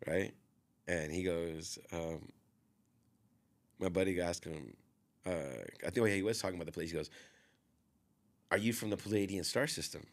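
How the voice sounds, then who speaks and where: A man with a somewhat low voice tells a long story in a relaxed podcast conversation. He rambles, fills his sentences with small fillers and keeps quoting what other people said. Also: normal speed, long pauses. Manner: rambling, filler-heavy, often quotes others.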